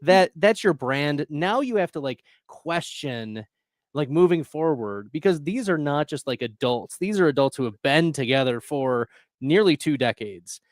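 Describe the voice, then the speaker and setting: A man's voice: fairly high pitch, animated, measured pace, no room sound, studio quality. A man in casual podcast chat, talking emphatically and earnestly with lots of "like"s. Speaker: podcast guest.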